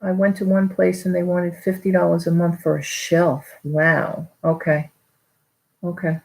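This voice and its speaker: A woman's voice: fairly low pitch, level tone, creaky, darkish tone, low-quality recording. Chatty New York woman live-streaming. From New York area. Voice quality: chatty, rambling, quick to laugh. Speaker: online reseller vlogger. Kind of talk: casual live-stream chat.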